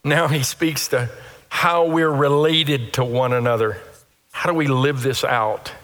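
A man preaching a sermon as pastor, animated and acting out the little voices of churchgoers. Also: mid-range voice, measured pace. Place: church sanctuary. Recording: long reverb of a church hall.

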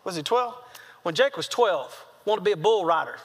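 A man preaching a sermon, telling a comic story and acting out the quotes with animated delivery. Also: high voice, normal speed, breathy edge. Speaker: traveling preacher. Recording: long reverb of a large hall.

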